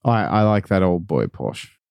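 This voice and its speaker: A man's voice: low-pitched, sing-song, a little slow, gravelly, a little mellow, clear, resonant tone, no room sound. A young Australian man chatting casually on a podcast, who likes slipping into put-on posh voices while telling stories. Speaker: podcast guest. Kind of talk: casual chat.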